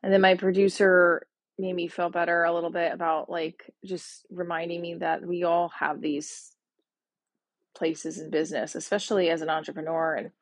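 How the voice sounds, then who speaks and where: A gravelly, husky woman in her forties talks through her own podcast in a rambling, emotional monologue. She sounds sad and upset and keeps restarting her thoughts. The dry recording puts her voice close, with no room around it. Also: lowish voice, little pitch movement, normal speed, no room sound. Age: 40s. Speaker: podcast host. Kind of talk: personal voice diary monologue.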